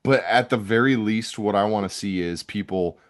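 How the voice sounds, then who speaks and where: A man's voice: on the low side, normal speed. A man hosting a podcast, talking in a casual, rambling way with many restarts. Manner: rambling, frequent restarts and fillers. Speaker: podcast host.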